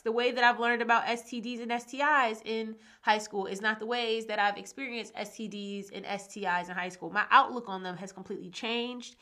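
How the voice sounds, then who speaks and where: A woman's voice: on the high side, bright, forceful tone. A woman, talking casually, candid and frank, swearing freely when frustrated. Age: 20s. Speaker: podcast host. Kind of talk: casual solo podcast talk.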